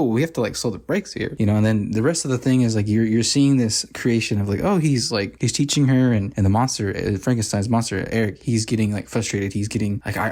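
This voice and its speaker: A man's voice: mid-range voice, a little mellow. A young man rambling through a casual review of a show, full of fillers, restarts and frequent laughs. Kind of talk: casual video review chat.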